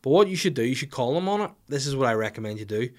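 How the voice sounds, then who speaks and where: A man's voice: mid-range voice, lively intonation, rapid-fire. A man hosting a casual podcast, answering listener questions in a rambling, profane, jokey way. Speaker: podcast host.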